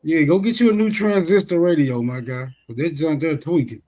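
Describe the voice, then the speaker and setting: A man's voice: fairly high pitch, brisk, dark tone. A man with a Southern accent on an online panel call, talking in slangy, teasing, laid-back street talk. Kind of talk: casual online panel chat.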